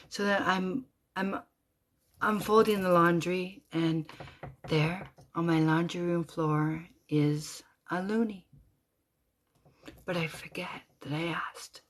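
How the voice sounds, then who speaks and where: Animated middle-aged woman telling a story. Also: fairly low pitch. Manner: animated, swears freely, rambling with asides. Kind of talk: personal storytelling monologue.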